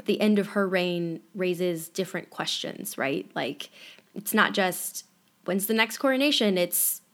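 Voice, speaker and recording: A woman co-hosting a podcast in casual chat, thoughtful, with many fillers, lifting her voice when she stresses a point. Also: lowish voice. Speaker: podcast co-host.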